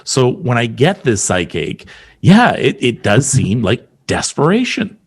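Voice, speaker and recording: Brief: male podcast host, mid-pitched voice, thoughtful delivery, frequent stammered restarts. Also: wildly swooping pitch, a little slow, slightly rough. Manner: reflective, stammers and repeats words. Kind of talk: podcast conversation.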